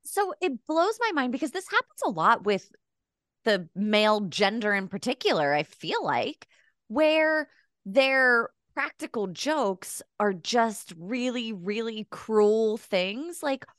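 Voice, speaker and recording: A woman's voice: on the high side, very animated, slow pace, a bit bright, dry recording, studio quality. Chatty, opinionated female podcast co-host. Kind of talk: casual chat.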